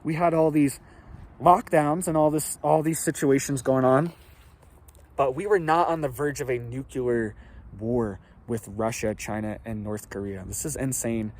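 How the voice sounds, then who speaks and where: A man hosting a casual news commentary vlog, talking in an animated, rhetorical way and checking in with "right?". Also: mid-range voice, a little slow. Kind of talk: casual news rant to viewers.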